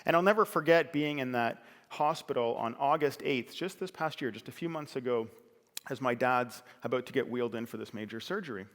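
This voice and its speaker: A man's voice: medium pitch, a little fast, a bit bright. A middle-aged man giving a conversational, earnest personal story as a speaker on stage. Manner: earnest, conversational, with fillers and restarts. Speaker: speaker at a talk. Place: large hall on a stage. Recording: reverberant hall.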